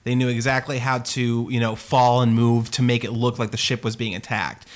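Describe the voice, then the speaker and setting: A man hosting a casual movie review chat, animated and crude, with lots of fillers. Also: medium pitch, moderate pace.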